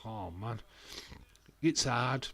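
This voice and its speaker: A man's voice: mid-range voice, lively intonation, drawn-out words, fairly bright tone, dry recording. A man streaming casually, rambling and self-deprecating, with a stuffy, bunged-up nose and frequent laughs. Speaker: wrestling streamer. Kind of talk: casual live-stream chat.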